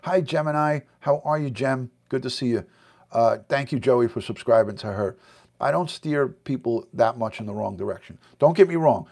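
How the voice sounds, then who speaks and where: A man's voice: mid-range voice, moderate pace, creaky, a little mellow. A middle-aged American man chatting casually on a livestream from his home basement, answering viewer comments as he goes. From United States. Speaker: livestream host. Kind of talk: casual live-stream chat.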